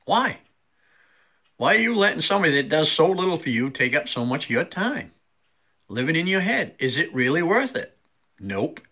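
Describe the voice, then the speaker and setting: A man's voice: a little high, very animated, normal speed, pauses often, sharp tone, muffled recording. A man hosting his own show, giving a folksy motivational talk full of repeated rhetorical questions. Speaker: host.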